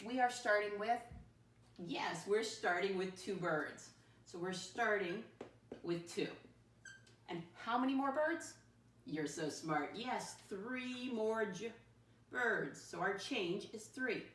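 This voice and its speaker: A woman's voice: mid-range voice, reverberant, distant mic, a little hiss or hum. Sing-song teacher woman talking to kids. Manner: slow, sing-song, encouraging, addresses kids as "my friends". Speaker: first grade teacher. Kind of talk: remote lesson for young children. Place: at home.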